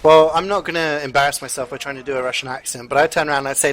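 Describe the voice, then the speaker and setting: A man doing live esports commentary as co-caster, talking in a chatty way and filling pauses with fillers and restarts. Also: mid-range voice, steady tone, a bit bright.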